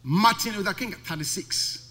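A man's voice: high voice, expressive, moderate pace, bright, forceful tone. A male pastor preaching a sermon, emphatic and full of rhetorical questions. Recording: long reverb of a large hall.

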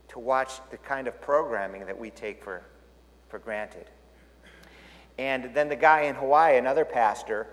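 Animated male preacher in a big hall. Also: mid-range voice. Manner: animated, jokey, acts out scenes. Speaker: pastor. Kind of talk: storytelling sermon. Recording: long hall reverb.

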